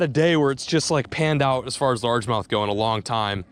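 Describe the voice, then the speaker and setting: A man's voice: medium pitch, a little fast, few pauses. Hyped young man fishing outdoors. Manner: hyped, exclamatory, stammers when excited. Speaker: fishing vlogger. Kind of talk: excited outdoor fishing vlog. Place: outdoors on a river bank.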